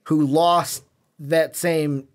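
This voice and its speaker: A man's voice: on the high side, fairly even intonation, drawn-out words. Chatty jokey male sports podcaster. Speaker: podcast co-host. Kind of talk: casual sports podcast chat.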